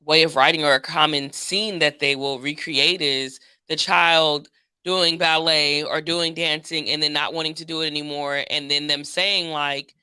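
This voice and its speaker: Bright, dry-sounding podcast host. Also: mid-range voice, little pitch movement, moderate pace, smooth, dry recording. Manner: affirming, frequent "yeah". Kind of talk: casual conversation.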